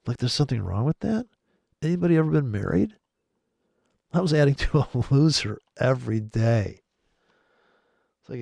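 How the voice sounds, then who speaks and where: A man's voice: medium pitch, lively intonation, moderate pace, creaky, long pauses, mellow, slightly rough, no room sound. A man rambling sarcastically and profanely in casual chat about trading over charts. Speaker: trading commentator.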